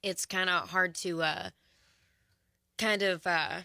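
A woman speaking as an interview guest, rambling a little with fillers and trailing off quietly. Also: lowish voice, lively intonation, slow, no echo. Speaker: musician guest. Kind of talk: interview chat.

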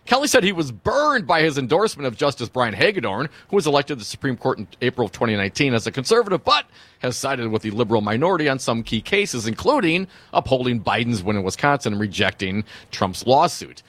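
A man's voice: mid-range voice, very animated, fast, a bit bright, no echo. A man co-hosting talk radio, reading news copy with wry, conversational remarks.

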